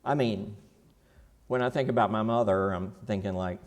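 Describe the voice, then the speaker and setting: A man's voice: lowish voice, moderate pace. A man teaches a Bible class in a church classroom. His manner is folksy and casual, and he keeps quizzing the students as he goes.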